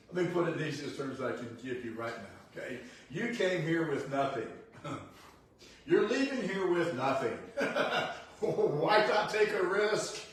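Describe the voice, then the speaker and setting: An older man giving a blunt, folksy motivational talk, laughing often as he tells stories. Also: a little high. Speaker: real estate CEO giving a talk. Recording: echoey room, distant mic, faint noise.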